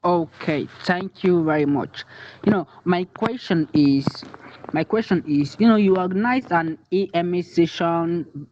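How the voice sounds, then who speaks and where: Higher-voiced man asking a question. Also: darkish tone, muffled recording. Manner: hesitant, repeating words. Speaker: audience member asking a question.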